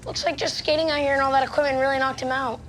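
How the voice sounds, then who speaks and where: An actress playing a caring adult woman checking on a young hockey player, sympathetic and gently teasing. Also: sits high, little pitch movement, very fast, slight background noise, close to an everyday voice. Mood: concerned.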